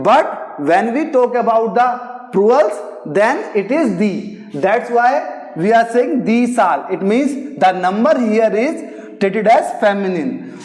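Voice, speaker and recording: Slow, lively-pitched Indian English woman teacher. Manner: repetitive drilling, keeps asking "okay?". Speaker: language teacher. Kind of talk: slow classroom lecture. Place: room with a writing board. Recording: echoey room.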